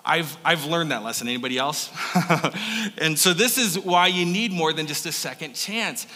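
Male pastor, high bright voice, lively talky sermon delivery in a reverberant hall. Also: normal speed. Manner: animated, conversational, keeps asking "right?". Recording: echoey hall.

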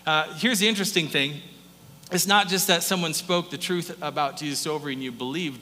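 Male pastor, bright forceful voice, animated sermon delivery, long church reverb with faint hum. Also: a little high. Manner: animated, swings from hushed to loud, acts out quotes. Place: church sanctuary.

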